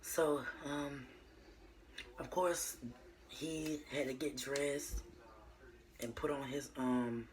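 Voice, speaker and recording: Young woman vlogger, warm chatty storytime delivery with lots of ums and restarts. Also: very deep voice, steady tone, extremely slow, long pauses, background noise. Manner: chatty and meandering, with many fillers and restarts; addresses viewers as y'all. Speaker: vlogger telling her birth story. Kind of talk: casual storytime.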